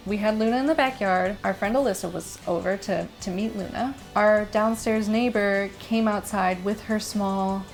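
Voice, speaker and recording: Animated young woman vlogger telling a story. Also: medium pitch. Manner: animated, breathless retelling with quick asides. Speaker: vlogger and dog owner. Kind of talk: casual storytelling to camera.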